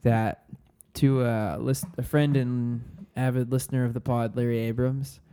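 A man's voice: mid-range voice, fairly even intonation, measured pace, warm tone, smooth. A man co-hosting a podcast in casual chat, joking and teasing his friends. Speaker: podcast co-host.

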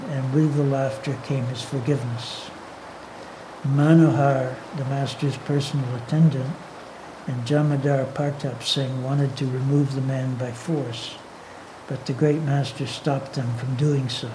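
A man narrating a story in a steady, measured reading voice. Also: mid-range voice, background noise.

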